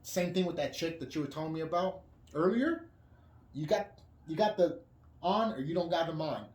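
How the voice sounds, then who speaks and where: A man's voice: on the high side, expressive, normal speed, a little mellow. A man as a podcast guest, talking in a profane, rambling way with frequent restarts. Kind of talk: casual candid chat. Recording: roomy echo with background noise.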